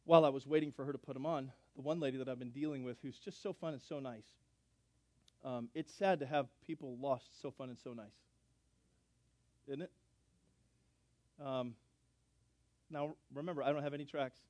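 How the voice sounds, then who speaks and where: A middle-aged man, a pastor, telling a story in a sermon with animated, self-deprecating humor and acted-out dialogue. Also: mid-range voice, normal speed, pauses often, no room sound.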